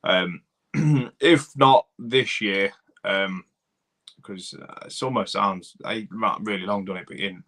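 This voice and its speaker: A chatty Doncaster bloke who works as a car mechanic hosts a casual livestream, slowly reading comments aloud. His male voice is on the low side but bright-toned, and he rambles on, calling viewers buddy and mate.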